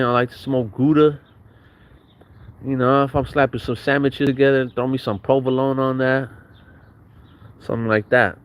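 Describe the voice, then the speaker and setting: A young man from Southern California telling profane, slang-heavy stories from his childhood in a casual way. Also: medium pitch. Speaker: vlogger. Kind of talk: casual storytelling. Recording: noisy recording.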